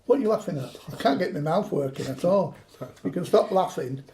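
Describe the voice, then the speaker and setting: A man's voice: on the high side, lively intonation, brisk, warm tone, slight background noise. A man chatting through a craft demonstration, joking and poking fun at himself. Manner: joking, self-mocking banter.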